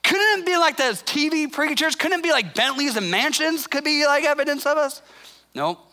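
A male pastor preaching a sermon in a conversational way, acting out what people say and dropping soft and low to stress a point. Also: expressive, normal speed. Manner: conversational, acts out quoted voices; drops to a soft, low intensity for emphasis.

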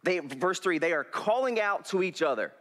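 This young preacher has a high voice and a moderate pace as he gives an animated, down-home sermon in a church hall. He laughs frequently, speaking into a headset mic.

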